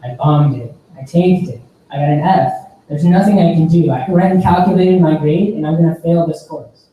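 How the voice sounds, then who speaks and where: A man's voice: fairly high pitch, normal speed, highs cut off, close to an everyday voice. A man voicing a distraught teenage student who blames himself, in a pleading, despairing way, in an echoey hall from a distant mic.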